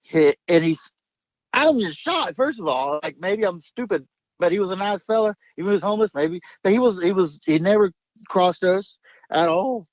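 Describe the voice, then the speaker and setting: A man's voice: sits high, animated, moderate pace, dry recording, highs cut off. A man telling his story in a rambling, emphatic way, swearing and jumping between thoughts. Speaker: guest recounting an encounter.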